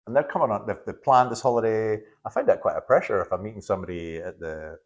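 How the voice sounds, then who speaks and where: A man, a photographer and tour guide, chatting as a podcast guest in a halting, stop-start way with many restarts. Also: fairly low pitch, muffled recording. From Scotland. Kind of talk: casual podcast conversation.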